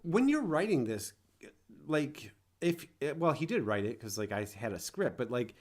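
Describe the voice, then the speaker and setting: A man's voice: medium pitch, big pitch swings, normal speed, darkish tone. A man hosting a casual stream, rambling and laughing as he chats with a guest. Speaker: streamer host.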